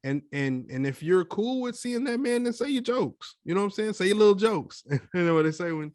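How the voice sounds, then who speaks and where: Lively storytelling man, dry close sound. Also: high-pitched, a little fast, no room sound. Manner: animated storytelling, acts out quotes. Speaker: podcast co-host. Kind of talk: casual chat.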